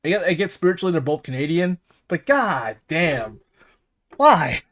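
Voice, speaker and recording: A man's voice: a little high, very animated, normal speed, fairly bright tone. A man hosting a casual stream podcast, rambling and laughing often, swearing freely and restarting his sentences.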